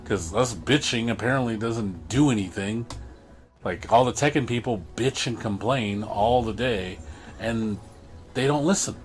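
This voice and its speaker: Low-voiced man ranting on a livestream. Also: a little slow, soft background music. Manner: frustrated ranting, repeats and restarts words. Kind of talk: casual livestream commentary.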